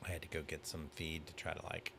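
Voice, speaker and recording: A man in casual chat, telling an animated anecdote with acted-out quotes. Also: very deep voice, fast, background noise.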